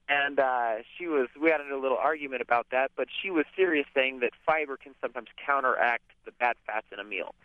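A man's voice: mid-range voice, normal speed, no room sound. A man calling in to a radio show, telling a rambling story with a hesitant manner. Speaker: caller. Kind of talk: phone-in question. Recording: tinny phone line.

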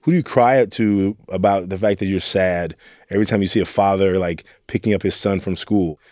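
Deep and steady, slightly fast and darkish, this voice belongs to a young Oakland man who mentors youth. In a studio-quality interview without room sound, he reflects openly, weaving quoted remarks into sincere stories.

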